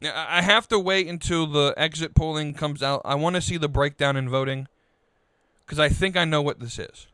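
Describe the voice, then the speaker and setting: A frustrated man hosts his own podcast, trading a calm tone for an exasperated rant that keeps tripping over restarts. His voice sits a little high and sounds smooth and resonant. The recording is close and dry, with no room sound around it. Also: dry recording. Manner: frustrated, halting, many restarts. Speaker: podcast host. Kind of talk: political rant.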